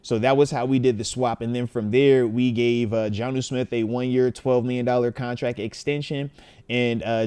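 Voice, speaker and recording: A man's voice: mid-range voice, clean tone, no echo. A man, a retired football linebacker, talking casually and animatedly to his viewers about a trade. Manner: animated, hype, addresses viewers directly. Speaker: retired linebacker and sports commentator. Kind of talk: casual sports talk to camera.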